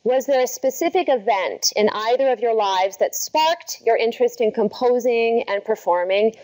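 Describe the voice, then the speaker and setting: A woman's voice: on the high side, normal speed, darkish tone, poor audio. A woman moderating a live interview, reading out viewer questions in an upbeat way.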